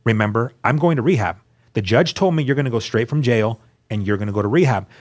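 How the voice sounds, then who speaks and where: A man sharing his personal testimony in a conversational interview. His voice sits at a medium pitch, and he tells the story with earnest conviction, acting out the voices of the people he quotes. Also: expressive, quick pace, a little mellow.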